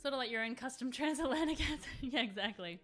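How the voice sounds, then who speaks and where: Woman, 30s, bright voice, chatty live-stream talk, rambling, replies to chat, faint music behind. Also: high-pitched, expressive, fast talker. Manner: chatty and rambling, answering chat while she works. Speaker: live streamer painting miniatures.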